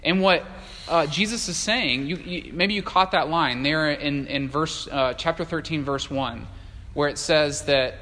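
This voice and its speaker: A male pastor preaching a sermon in a conversational, animated way, with frequent fillers and restarts. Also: on the high side, measured pace. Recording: long hall reverb.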